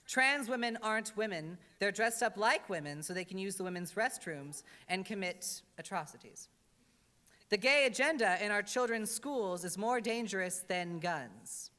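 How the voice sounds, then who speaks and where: Woman drag entertainer, wry conversational address, bright clear tone, reverberant church hall. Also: medium pitch. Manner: wry, conversational, earnest with comic asides. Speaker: drag entertainer giving a talk in a worship service. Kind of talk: comic then earnest address. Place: church sanctuary.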